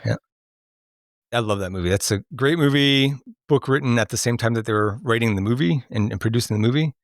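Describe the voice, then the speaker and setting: A man's voice: medium pitch, a little fast, no room sound, clean studio sound. A man hosting a podcast movie quiz, chatting casually and laughing often. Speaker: podcast host running a movie quote quiz. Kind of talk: casual chat.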